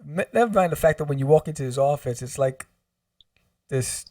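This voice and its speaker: A man guesting on a podcast, telling a story in a lively, humorous way and acting out what people said. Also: fairly high pitch, a little fast, dry recording, studio quality, recorded from a distance. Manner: animated, humorous, acts out quotes. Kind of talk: casual storytelling.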